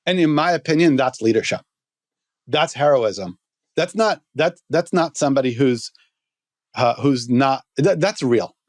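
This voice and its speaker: A man telling a story as a guest on a podcast, halting with many restarts. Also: mid-range voice, animated, darkish tone, dry recording, studio quality.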